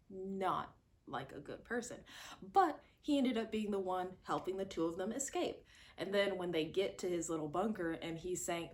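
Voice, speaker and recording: A woman reviewing a horror movie in a casual, animated chat, often acting out scenes. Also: medium pitch. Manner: animated and expressive, acts out scenes in quoted voices.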